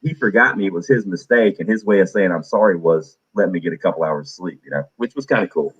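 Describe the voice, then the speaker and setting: A man hosting a stream, casually telling animated stories and acting out the people he quotes. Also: low-pitched, fast, breathy edge, dull audio. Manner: animated, acts out quoted voices. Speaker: stream host. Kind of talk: casual storytelling.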